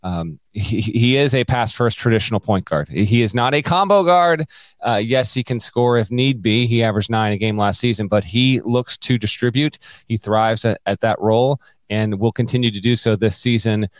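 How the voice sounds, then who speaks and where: A man with a fairly low voice hosts a sports podcast and lays out his views at a measured pace. His delivery is steady and conversational, and the close mic keeps the sound dry. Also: no echo. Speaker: podcast host. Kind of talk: casual podcast chat.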